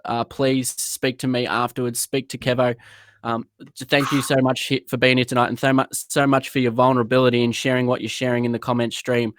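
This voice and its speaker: A man from Australia hosting a live-streamed interview, earnest and halting with fillers. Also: mid-range voice, level tone, fairly bright tone. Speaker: podcast host.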